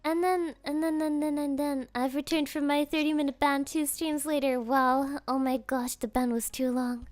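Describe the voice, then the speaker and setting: A woman streamer telling a rambling story in casual chat, giggling often and filling pauses with Japanese interjections. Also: high-pitched, steady tone, no echo, soft background music.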